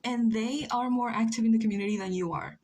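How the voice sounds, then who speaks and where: Husky young woman chatting on stream. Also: a little high, fast, a little mellow. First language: Spanish. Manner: chatty, joking with chat, frequent laughs. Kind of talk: casual chat while drawing on a livestream.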